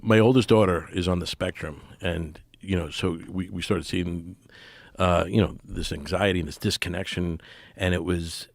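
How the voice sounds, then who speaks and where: A middle-aged American man talking as a podcast guest in a halting, earnest way, with many restarts. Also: low voice, steady tone, creaky, no room sound. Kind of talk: casual conversation.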